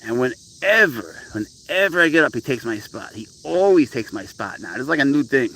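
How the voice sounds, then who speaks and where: A man's voice: medium pitch, sing-song, normal speed, fairly bright tone, breathy edge, rough recording. Rambling man chatting on a pet stream. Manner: rambling, talks baby-talk up to his cat. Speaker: pet vlogger talking to his cat and live chat. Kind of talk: casual live stream chat.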